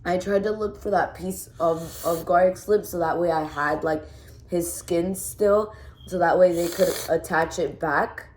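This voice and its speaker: A woman's voice: on the low side, measured pace, a little mellow. A young woman in her twenties telling a vlog story, rambling and shaken, with lots of fillers and restarts. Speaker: vlogger. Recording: echoey room.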